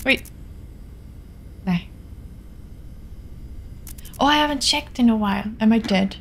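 Finnish-accented young woman streamer, unhurried and gravelly, jumpy, whispers at times. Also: on the high side, very animated, a bit bright, a little hiss or hum. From Finland. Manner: chatty, jumpy, drops to whispers. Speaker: game streamer. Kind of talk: live-stream horror game commentary. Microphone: desktop studio mic.

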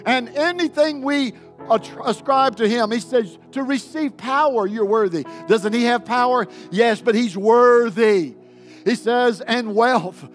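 A man preaching a sermon as pastor, leading the congregation in call-and-response and building to loud, emphatic declarations. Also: extremely high pitch, a little slow, soft background music. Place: church sanctuary.

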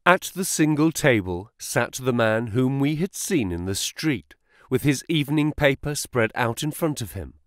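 Expressive male audiobook narrator. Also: mid-range voice, measured pace, no room sound, studio quality. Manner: expressive reading, each character voiced. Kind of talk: scripted narration of a classic story.

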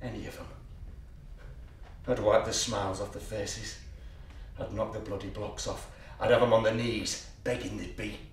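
An actor playing a menacing, order-obsessed psychopathic man in a stage monologue, slow and intense, dropping to whispers and bursting out loud. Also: on the low side, steady tone, a little hiss or hum, close to an everyday voice. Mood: sneering. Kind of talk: theatrical monologue. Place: theatre stage. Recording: distant, echoey stage recording.

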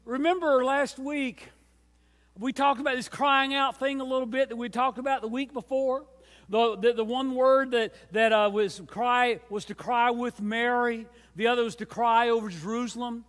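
A man pastor preaching a sermon with emphatic, repeated refrains, swinging between hushed and loud passages. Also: very high voice, steady tone, moderate pace. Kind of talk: Easter sermon. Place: church sanctuary. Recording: long church reverb.

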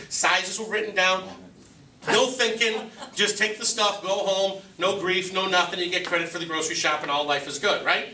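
A man's voice: high voice, sharp tone, slight background noise. A man gives a joking, storytelling talk to a recovery meeting, acting out quotes and his own inner voice. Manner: direct and joking. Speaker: recovery speaker. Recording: echoey room from a distance.

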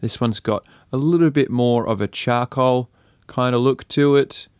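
A man's voice: mid-range voice, unhurried, a little mellow, smooth, no echo, studio quality. An Australian man casually reviewing gear and beer on his own channel, laid-back and swearing freely.

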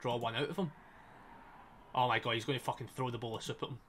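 A man giving excitable, sweary commentary while playing a game, laughing often. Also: mid-range voice, fast talker. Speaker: gaming streamer. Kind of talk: casual let's-play commentary. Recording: faint game music behind.

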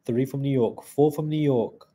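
A man hosts a live stream in a loose, chatty way, reading viewer comments aloud and answering them on the fly. His voice sits at a middling pitch with a mellow, warm tone. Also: moderate pace.

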